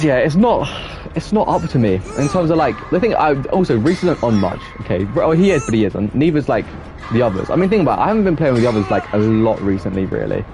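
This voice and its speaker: A young man streaming a game, chatting loosely with his viewers and getting quickly exasperated at teammates, with many restarts. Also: mid-range voice. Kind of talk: casual live-stream chat while gaming.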